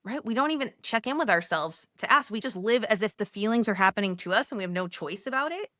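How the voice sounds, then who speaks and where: Woman, mid-pitched voice, casual coaching talk, lots of "like", dry close sound. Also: lively intonation, quick pace, dry recording. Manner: conversational, frequent "like", gently coaching. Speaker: Catholic motherhood coach.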